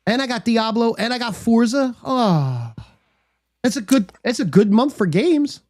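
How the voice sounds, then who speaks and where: A man's voice: very high voice, lively intonation, unhurried, a little mellow, no echo, studio quality. A man co-hosting a podcast, chatting easily about games and wrestling, thinking aloud with restarts. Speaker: podcast co-host. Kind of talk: casual wrestling chat.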